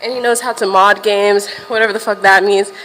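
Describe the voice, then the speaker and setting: A woman's voice: mid-range voice, fairly even intonation, a little fast, fairly bright tone, long reverb tail, slight background noise, low-quality recording. A young woman livestreaming from a gym while walking on a stair machine, chatting casually to viewers, a little out of breath and swearing now and then.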